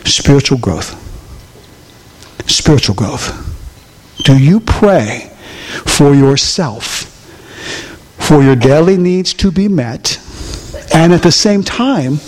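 A man's voice: fairly high pitch, darkish tone, big-room sound. An older man preaching a folksy sermon, often asking the congregation questions. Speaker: pastor.

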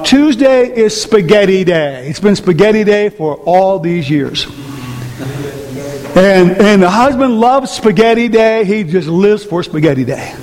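A man preaching a lively, joking sermon as pastor, firing rhetorical questions at the congregation. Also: high voice. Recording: long reverb of a large hall.

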